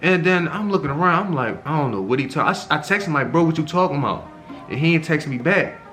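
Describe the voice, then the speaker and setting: A young man vlogging a casual storytime, animated and full of slang and swearing, his pitch leaping up whenever he acts out his own reactions. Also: fast talker, soft background music. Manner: animated, profane slang-heavy storytelling with sharp jumps in pitch on quoted reactions.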